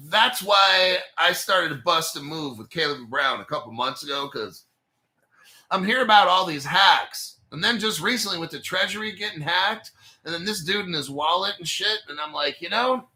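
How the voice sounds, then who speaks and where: A man's voice: high-pitched, bright, forceful tone. A man in his forties hosting a crypto channel, telling a long rambling story in a casual way, with a lot of swearing and laughter. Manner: profane, rambling, laughs between phrases.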